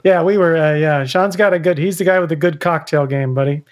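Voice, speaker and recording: A middle-aged father in a casual chat who talks haltingly and keeps restarting his sentences. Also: on the high side.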